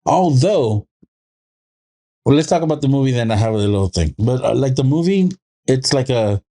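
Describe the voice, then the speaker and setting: A man in his thirties chatting casually on a podcast, with a mid-pitched voice. He rambles through stories in loose, looping sentences and acts out a child's lines with quick jumps in pitch. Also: lively intonation, warm tone. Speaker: podcast co-host. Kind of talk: casual chat.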